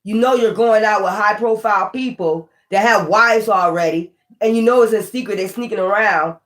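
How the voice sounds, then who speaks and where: A woman's voice: mid-range voice, normal speed. A woman giving a casual tarot reading, blunt and profane, thinking aloud as she goes. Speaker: tarot reader. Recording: roomy echo.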